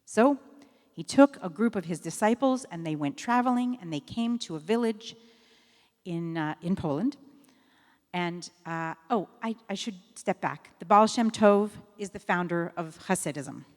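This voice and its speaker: A woman's voice: on the low side, lively intonation, measured pace. A woman rabbi giving a sermon in a synagogue, telling a story in a conversational way with fillers and self-corrections. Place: synagogue sanctuary. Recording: long reverb of a sanctuary.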